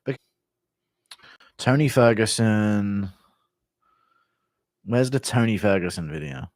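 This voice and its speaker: A man's voice: on the low side, slow pace, pauses often, a little mellow, no room sound. A man gives blunt, mocking live-stream commentary, swearing freely. The recording is close and dry, with no room sound. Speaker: streamer reacting to a clip.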